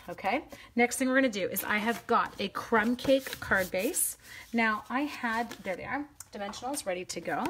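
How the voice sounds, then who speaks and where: A woman's voice: mid-range voice, moderate pace, a bit bright. A woman in her forties chats through a live card-making demo at home, her voice sitting in an ordinary middle register. She rambles, teases herself and breaks off to greet viewers as she works. A faint hiss of noise sits under the voice. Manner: rambling and self-deprecating, greets viewers mid-task. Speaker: stamping demonstrator hosting a live craft stream. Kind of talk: chatty live craft tutorial.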